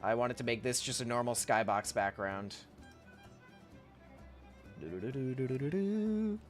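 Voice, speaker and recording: A man's voice: mid-range voice, steady tone, a little fast, faint music behind. A young man streaming while he draws, rambling casually to chat, reading messages aloud and often laughing.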